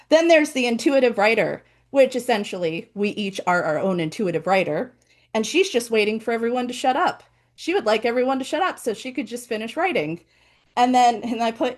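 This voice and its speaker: A woman author hosting her own book launch over a video call, chatty and animated, with playful asides. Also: on the high side, normal speed. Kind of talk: casual live presentation.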